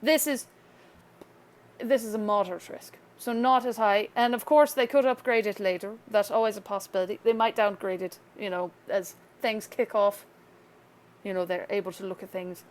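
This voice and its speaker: A woman's voice: mid-range voice, fairly even intonation, moderate pace. Chatty woman giving a weather outlook. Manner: chatty, self-correcting, offhand asides. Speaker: weather vlogger. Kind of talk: casual severe weather briefing.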